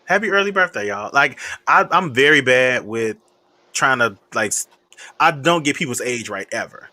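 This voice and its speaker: A man hosting a casual livestream chat, animated and laughing, calling out viewers' names. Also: medium pitch, a little slow. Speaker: livestream host.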